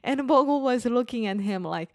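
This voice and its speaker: A woman's voice: a little high, normal speed, dry recording, studio quality. A Brazilian woman with a Brazilian Portuguese accent, co-hosting a casual podcast chat and telling stories with laughter. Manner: animated storytelling with acted quotes and laughter. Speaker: podcast co-host.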